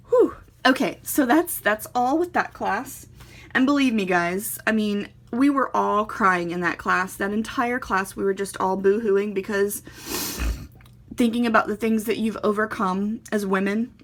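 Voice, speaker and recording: Woman in her thirties, crafting vlogger, casual show-and-tell, earnest, hesitant, lots of ums, mid-pitched voice.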